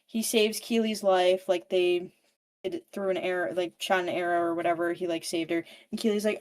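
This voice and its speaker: A woman's voice: fairly low pitch, moderate pace. A woman in casual podcast chat, retelling a novel's plot with frequent swearing and constant "like" fillers. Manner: swears freely, fills speech with "like"; animated storyteller, paraphrasing characters. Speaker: book podcast participant. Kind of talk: casual book recap chat.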